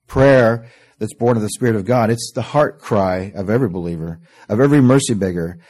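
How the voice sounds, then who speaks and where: Mellow, husky-voiced man preaching. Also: on the low side, a little fast. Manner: earnest, repeats "beloved", swells on scripture then drops to near-whispers. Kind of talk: sermon.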